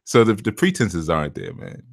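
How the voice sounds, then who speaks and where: Male spiritual teacher, casual and chatty, low voice, dry close recording. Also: huge pitch swings, normal speed, creaky, no echo. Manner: conversational, laughs often, puts on voices for quotes. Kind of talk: casual talk to listeners.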